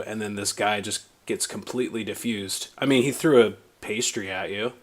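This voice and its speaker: A man's voice: fairly low pitch, normal speed. A man hosting a podcast interview, talking casually with many fillers and restarts. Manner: casual, full of "like" and "I mean" fillers. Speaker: podcast host.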